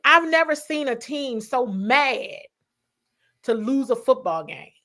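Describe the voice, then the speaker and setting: A woman sports reporter sits in as a guest, her voice a touch high and full of animation. She slips into quoted voices as she tells her stories, loose and conversational. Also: expressive, slow, pushed and bright. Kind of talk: casual podcast chat.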